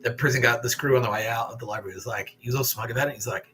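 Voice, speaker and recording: A man's voice: mid-range voice, rapid-fire, sharp tone, soft background music, poor audio. A man, hosting a podcast and telling stories in a profane, aggrieved rant. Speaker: podcast host. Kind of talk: casual monologue storytelling.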